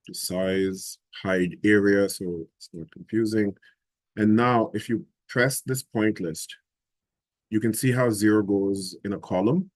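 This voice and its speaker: A man leads a live software class, walking through each step and thinking aloud as he goes. His voice sits low and a little husky. The sound is close and dry, with no room echo. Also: fairly even intonation, measured pace. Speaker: instructor.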